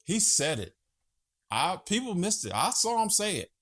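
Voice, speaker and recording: A man's voice: sits high, big pitch swings, normal speed, a bit bright. A man hosting a casual monologue vlog from home, chatty, profane and easily sidetracked. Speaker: vlogger host.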